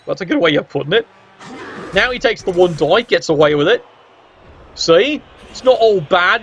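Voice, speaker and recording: A man doing play-by-play commentary of a video game match, with cheeky, sardonic asides and sudden jumps up in pitch. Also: fairly bright tone, highs cut off, a little hiss or hum.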